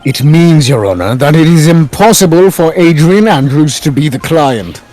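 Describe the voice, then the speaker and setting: A cool, composed prosecutor who speaks in measured, deliberate phrases, as a man dubs him for a game. His pitch shifts freely, and faint music sits behind him. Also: lively intonation, dark tone, lightly acted. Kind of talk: fan voice dub of a game.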